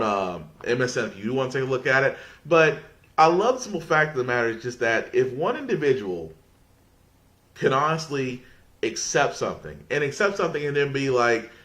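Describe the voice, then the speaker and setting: Male podcast host, bright, forceful tone, loose conversational monologue with restarts. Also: medium pitch.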